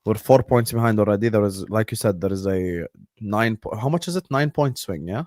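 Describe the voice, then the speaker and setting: A man co-hosting a football chat show, arguing in heated casual banter and swearing as he goes from grumbling to loud protest. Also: lowish voice, fairly quick, no room sound, studio quality.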